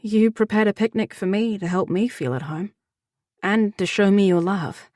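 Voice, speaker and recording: A woman's voice: mid-range voice, moderate pace, warm tone, no echo, studio quality, natural voice. A woman voicing a young, anxious and loving royal woman, speaking in a heartfelt, pleading way. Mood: affectionate.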